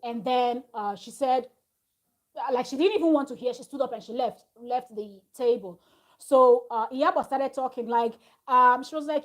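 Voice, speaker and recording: A woman's voice: sits high, normal speed. A woman hosting her own channel, chatting casually to camera as she retells a reality-show quarrel, recorded at home with her small child nearby. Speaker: reality TV review host. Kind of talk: casual gossip recap to camera.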